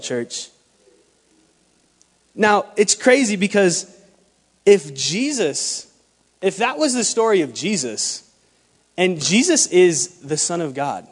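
A young man delivers a sermon with a high-pitched voice, animated and acting out little dialogues. His words ring with a long reverb in a church hall. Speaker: preacher.

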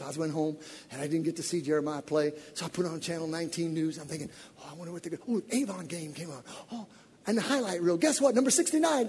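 A middle-aged man preaching a sermon, swinging between loud shouted exhortation and low, conversational storytelling. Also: slightly rough. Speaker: pastor. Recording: long hall reverb.

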